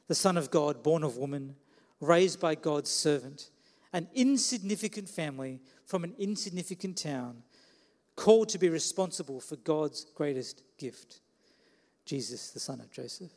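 A man's voice: fairly high pitch, expressive, normal speed, darkish tone, long reverb tail. A man preaching a sermon in a conversational way, putting questions to the listeners.

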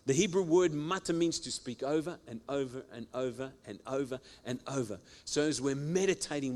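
A male pastor preaches a sermon emphatically and repetitively, swinging from loud exclamations down to quiet, low phrases.

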